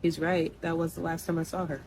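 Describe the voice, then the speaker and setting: Young woman storyteller, low voice, rapid-fire, blunt and animated. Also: slight background noise, low-quality recording. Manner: blunt, animated, conversational with asides. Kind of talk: casual personal storytelling.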